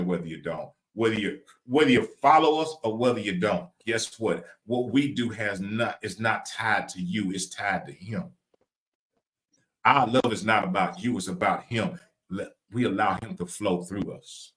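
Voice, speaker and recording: A man's voice: on the low side, fairly bright tone, low-quality recording. A man with a Southern US accent co-hosting a live podcast, talking in a repetitive, preacher-like cadence. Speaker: podcast co-host.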